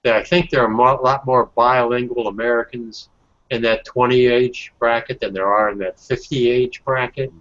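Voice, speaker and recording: A man who is a guest on a panel, chatting casually in a halting way with many restarts. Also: medium pitch, steady tone, fairly bright tone. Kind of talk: casual chat. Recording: dull lo-fi sound.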